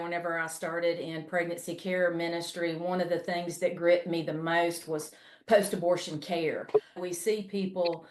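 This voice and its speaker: A woman's voice: fairly low pitch, roomy sound. A woman in her forties from South Carolina with a Southern drawl, telling a personal story in a folksy, homespun way as a guest speaker. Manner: folksy, storytelling, says y'all. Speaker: guest speaker, ministry leader. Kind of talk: webinar talk with personal story.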